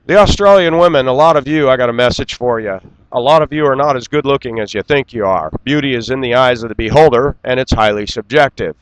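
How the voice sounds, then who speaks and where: A man's voice: medium pitch, clean tone, no echo, low-quality recording. Blunt, scornful American man ranting. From United States. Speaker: vlogger. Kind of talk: ranting monologue to camera.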